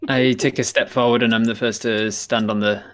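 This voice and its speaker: Guy playing d&d, earnest measured speeches in character, trips over words a bit. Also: mid-range voice, flat delivery, a bit bright. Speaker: player. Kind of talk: tabletop role-play, narrating and in character.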